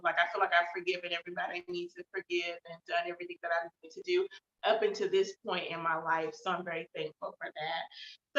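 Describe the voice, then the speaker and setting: A woman's voice: medium pitch, sharp tone. A woman hosting her own show, talking casually and reflectively about how she is feeling, with many fillers. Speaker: host. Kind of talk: casual personal check-in talk. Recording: roomy, slightly dull sound.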